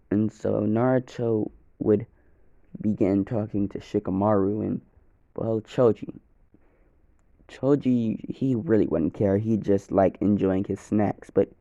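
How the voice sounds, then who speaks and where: A man's voice: on the low side, gravelly, warm tone, no echo, highs cut off. A young man narrating an improvised first-person fan story, rambling, correcting himself and swearing casually.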